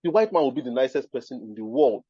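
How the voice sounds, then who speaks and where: A man's voice: medium pitch, big pitch swings, fast, dark tone, slightly rough, no room sound, highs cut off. A man with a Nigerian accent giving an emphatic live talk at a design event, often checking that the audience understands. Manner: emphatic, keeps asking "you understand?".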